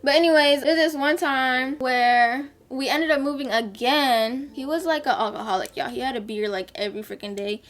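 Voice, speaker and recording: A woman's voice: sits high, moderate pace, few pauses. A young woman vlogger, chatting candidly and animatedly as she tells a personal story while doing her makeup. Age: young adult.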